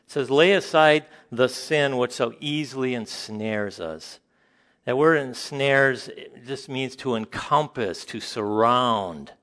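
A man preaching a sermon to a congregation, conversational and halting, with frequent fillers and joking asides. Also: medium pitch, fairly bright tone. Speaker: pastor.

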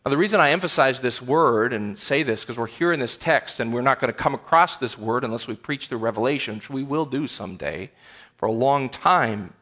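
Bright-voiced man preaching a sermon. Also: medium pitch, animated, fairly quick. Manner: earnest, emphatic, repeats words while building a point. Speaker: pastor. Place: church sanctuary.

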